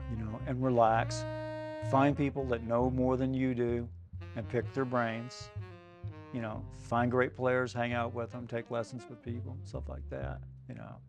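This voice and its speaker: A man's voice: mid-range voice, a little slow, creaky, darkish tone, soft background music. Easygoing older man giving a sax clinic. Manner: loose, conversational, many "you know"s and "man"s. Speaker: saxophone clinician. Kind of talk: casual spoken workshop talk. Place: music shop event space.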